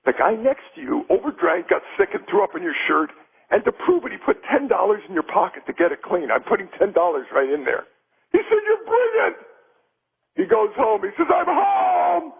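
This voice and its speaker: A man's voice: high voice, huge pitch swings, normal speed, gravelly, slightly rough. A man calling in to a radio show, trading mock-indignant banter and telling a long joke. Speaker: phone-in guest comedian. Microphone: telephone. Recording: tinny phone line.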